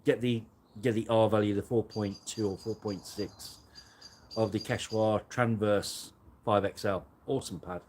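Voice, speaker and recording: Measured in pace and a little mellow, the man's lowish voice shows little pitch movement, with slight background noise. As host of a casual live chat outdoors in a night-time garden, he rambles, mocks himself and laughs a lot.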